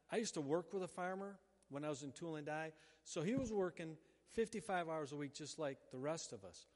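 A middle-aged man preaching a sermon in a conversational way, acting out prayers in quick asides. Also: on the high side, darkish tone. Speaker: pastor. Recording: hall reverb.

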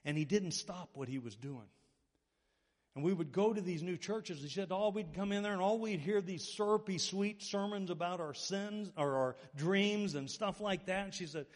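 High-voiced pastor in a reverberant hall. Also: male voice, moderate pace. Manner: animated storytelling, acts out quoted voices. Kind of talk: sermon.

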